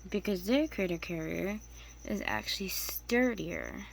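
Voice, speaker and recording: A woman's voice: fairly low pitch, big pitch swings, a little slow, vocal fry. A woman chatting casually to camera about keeping tarantulas, rambling and restarting as she goes, and cooing to her spiders now and then. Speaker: tarantula keeper vlogger. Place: home room with spider enclosures. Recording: faint insect noise behind.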